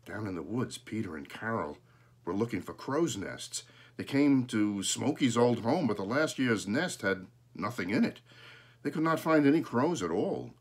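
A man reading a children's picture book aloud, expressive and showing the pictures. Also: on the low side, normal speed, breathy edge. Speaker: storyteller.

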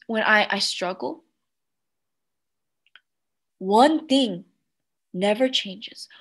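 A woman children's pastor giving a heartfelt sermon with a personal testimony, slow and earnest, sometimes dropping to a soft near-whisper. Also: mid-range voice.

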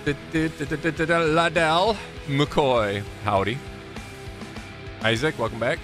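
A man's voice: on the high side, steady tone, drawn-out words, over music. A man with a Michigan accent chatting casually on a live stream from his small home gaming room, rambling and poking fun at himself as he greets viewers by name. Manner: rambling, self-mocking, greets chat by name.

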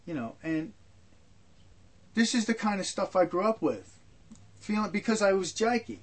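High-voiced older man telling stories. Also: lively intonation, normal speed. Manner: rambling, repetitive, frequent asides. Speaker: storyteller. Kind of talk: personal storytelling.

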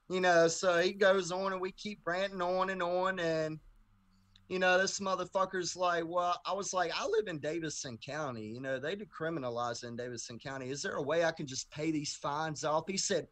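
A young man telling a story in a casual interview, swearing a lot and getting heated as he goes. His voice sits a little high for a man and swings up and down with every outburst. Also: normal speed, bright, forceful tone. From Tennessee. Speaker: guest rapper.

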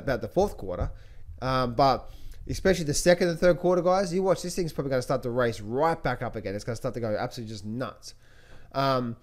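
A man hosting a stock market commentary, emphatic and repetitive, often restarting his sentences and calling out to his viewers. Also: medium pitch. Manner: emphatic, repeats phrases, keeps addressing viewers as traders and guys; restless with many restarts and fillers. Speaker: trading coach and channel host.

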